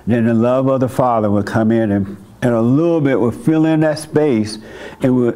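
An older man with a dark, medium-pitched voice hosts a church meeting as its leader. Counseling a congregation member, he hands out blunt, folksy spiritual advice, with a chuckle here and there.

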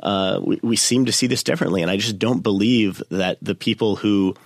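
A man speaks low and unhurried as a podcast guest, building a measured argument and pausing on fillers as he works out his point. His voice sits close and dry on the mic, with no room sound around it. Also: creaky, dry recording. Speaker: podcast guest, magazine writer. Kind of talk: casual political discussion.

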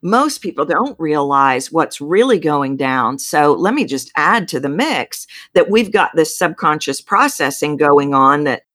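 A middle-aged woman with a Texan accent, a voice coach explaining her work in an interview with emphatic, animated delivery. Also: low-pitched, a little slow, hardly any pauses, no echo, studio quality. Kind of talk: interview storytelling.

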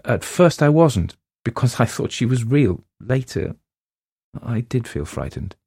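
A man voicing a gentle young woman teacher who is shaken and earnest, speaking hesitantly. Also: mid-range voice, sing-song, measured pace, gravelly, breathy edge, no echo, studio quality, pitched above the performer's own voice, exaggerated voice. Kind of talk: storybook reading.

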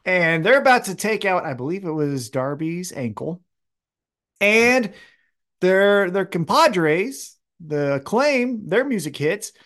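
Animated, profane male wrestling podcaster. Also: high-pitched, slow. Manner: animated, profane, acts out quotes in raised voices. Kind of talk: casual chat.

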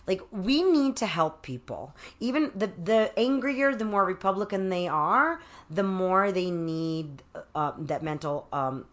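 A woman guest on an interview, telling stories in a casual, animated way, with many fillers and restarts. She acts out quotes as she talks. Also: medium pitch, measured pace. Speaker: guest author. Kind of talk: casual conversational storytelling.

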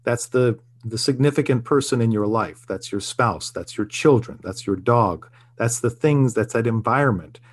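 A man's voice: mid-range voice, normal speed, few pauses. An older man, a TV writer being interviewed, talking reflectively and earnestly, often restarting his sentences. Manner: reflective, earnest storytelling with frequent restarts and chuckles. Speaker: guest, TV writer and producer. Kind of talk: casual interview conversation.

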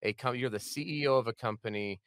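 A man's voice: mid-range voice, steady tone, fast, smooth, no room sound. A man hosting a casual podcast interview, chatty and upbeat, with a joking manner. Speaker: podcast host.

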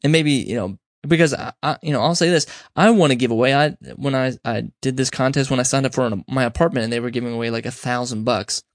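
A man's voice: medium pitch, fast talker, hardly any pauses, dry recording, clean studio sound. A young man hosting a podcast, giving casual advice in a rambling, self-correcting way and acting out little quoted exchanges. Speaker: podcast host. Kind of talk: casual solo advice talk.

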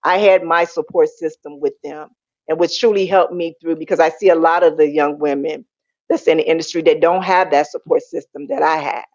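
A woman's voice: brisk, dry recording. Woman guest spilling her story, acts out family voices, dry lo-fi sound. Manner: animated, acts out quoted family voices in a high pitch. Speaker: interview guest. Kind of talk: candid storytelling.

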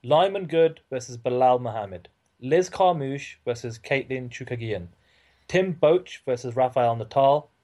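A British man co-hosting a podcast, running through an announced lineup one match after another. His voice is dark and mellow, pitched in the middle for a man, and he reads the list at a brisk clip. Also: lively intonation. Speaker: podcast co-host. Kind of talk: casual chat, reading a fight card.

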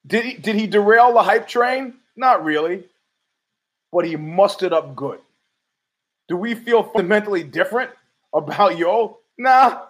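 A man rambles through a casual podcast monologue in a fairly high voice. He swears freely and keeps talking back to himself. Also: animated, measured pace, a bit bright, low-quality recording. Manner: rambling, profane, argues with himself. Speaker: podcast host.

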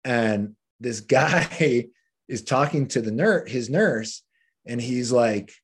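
A man's voice: medium pitch, animated, takes it slowly, husky. Man telling a story, profane and laughing. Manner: profane, laughing, heavy use of "like". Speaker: podcast guest. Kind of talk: casual storytelling.

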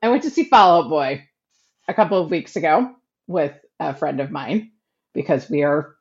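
A woman around forty co-hosts a podcast, telling stories in casual, laugh-filled chat as an animated storyteller. Her voice sits low and moves at a moderate pace, captured in dull lo-fi audio.

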